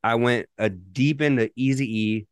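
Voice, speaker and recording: A man's voice: mid-range voice, fairly even intonation, a little slow, clear, resonant tone, dry recording. A man co-hosting a casual podcast, telling loose stories packed with profanity and restarts. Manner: loose, profanity-heavy storytelling with rambling restarts. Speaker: podcast co-host. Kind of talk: casual chat.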